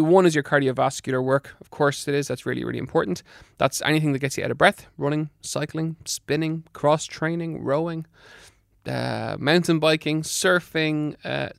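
A man's voice: mid-range voice, creaky, no echo, studio quality. A middle-aged man giving fitness and diet advice on a podcast, emphatic and practical, doubling words for stress. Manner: brisk, practical coaching. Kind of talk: advice talk to listeners.

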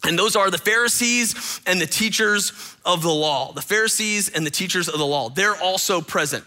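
A man's voice: high-pitched, normal speed, bright, forceful tone. A man preaching a sermon in a conversational way, often repeating words and talking straight to his listeners. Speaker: pastor.

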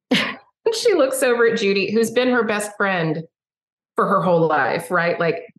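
Woman singer chatting away in an interview, lively storyteller, bit of room echo. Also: mid-range voice, unhurried. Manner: chatty, animated storyteller who acts out dialogue. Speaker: guest, singer-songwriter. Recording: roomy echo.

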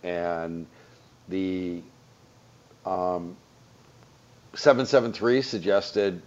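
A man with a low voice hosts a casual radio talk segment, reading out quotes. The sound is dull and lo-fi, like an older broadcast. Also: expressive, a little slow. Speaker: radio host.

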